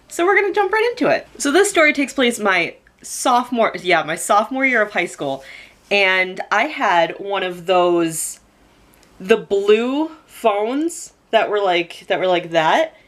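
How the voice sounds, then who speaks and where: A young woman talking straight to her viewers in a casual storytime vlog, at a middle pitch. She rambles a little, fills her sentences with "like", and sounds chatty and relaxed. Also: moderate pace. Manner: chatty, lots of "like" fillers, laughs while telling. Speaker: storytelling vlogger.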